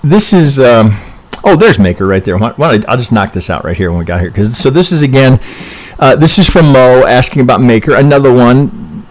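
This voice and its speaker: A man walks through trading charts on a casual live stream, thinking out loud, cutting himself off mid-sentence and checking in with "right?" every few lines. His voice sounds a bit stuffy from allergies, and he curses under his breath when something goes wrong. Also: medium pitch, lively intonation, a little fast. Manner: rambling, self-interrupting, frequent "right?" tags and mild swearing. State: congested with allergies. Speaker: trading educator reviewing charts.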